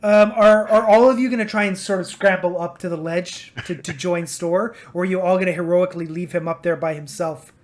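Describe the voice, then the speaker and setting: A woman running a tabletop game as game master, narrating in a relaxed way with fillers. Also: lowish voice, fairly quick, hardly any pauses.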